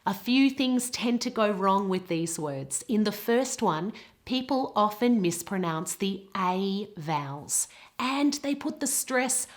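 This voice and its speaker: Woman, British accent, pronunciation teacher, slow, precise articulation, mid pitch. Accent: British English. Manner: slow, carefully articulated, modelling words. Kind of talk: pronunciation lesson.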